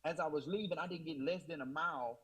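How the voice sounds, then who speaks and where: Husky-voiced man giving an emotional testimony. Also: fairly high pitch, fast, fairly bright tone, low-quality recording. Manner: emotional, repeats "I said", Southern US Black church speech. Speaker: guest. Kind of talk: testimony storytelling.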